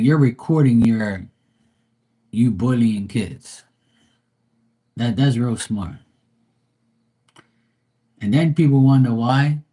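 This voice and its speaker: A man's voice: medium pitch, warm tone, breathy edge. A man telling a story in a casual, profane rant, acting out quoted lines with animation. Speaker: livestream host. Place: Bermuda.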